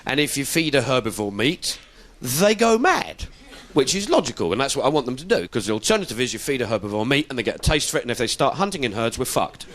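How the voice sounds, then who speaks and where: Rich: a male comic with a lively voice that swings up and down as he rants. He talks with cheek and swears now and then, and there is a faint hiss behind him. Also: medium pitch, fast talker. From South London. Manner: cheeky, animated, swearing, mimicking people. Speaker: comedian. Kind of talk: stand-up comedy.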